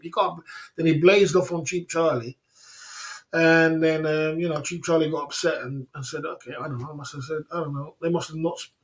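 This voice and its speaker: Livestream host, male, a bit higher pitch, loose rambling talk with lots of restarts. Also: fairly bright tone. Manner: rambling, repeats himself, many fillers and restarts. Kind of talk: casual livestream rant. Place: Thailand.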